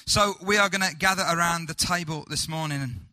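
A man whose voice is a little high gives a sermon full of rhetorical questions for the congregation, his lines shifting between loud urgency and a slow hush.

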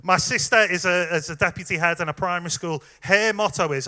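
Bright-voiced man preaching a sermon. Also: high voice, brisk, few pauses. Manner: conversational, warm direct address with fillers.

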